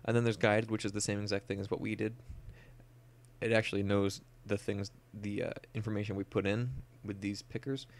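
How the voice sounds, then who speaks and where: With a casual manner and a lot of "uh" and "um," a young man explains photo editing software one step at a time in a screen recording. His voice is on the low side and gravelly with fry, and his explanations stay plain.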